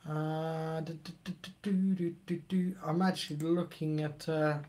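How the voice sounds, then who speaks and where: A man's voice: fairly high pitch, little pitch movement, unhurried, darkish tone. A middle-aged man, hosting a live stream and chatting casually while reading the chat aloud.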